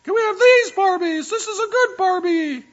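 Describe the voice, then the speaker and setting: A squealing little girl of about seven, begging over and over in a high, loud voice that keeps pushing upward, as a male preacher puts her on. She sounds pushy and breathless with want, and the recording is a bit dull and lo-fi. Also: moderate pace. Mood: pleading. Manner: shrill, insistent, pitch climbing.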